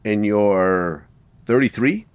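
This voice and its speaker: A man's voice: on the low side, slow, clean tone, no echo. A man hosting an interview who sums up the case and asks short questions. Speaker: interview host.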